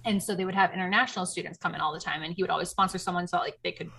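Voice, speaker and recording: Bright-voiced woman gossiping, laughing often. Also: fairly low pitch, racing, creaky, breathy edge. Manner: animated storyteller, heavy on "like", laughs often. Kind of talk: casual chat recapping a reality show.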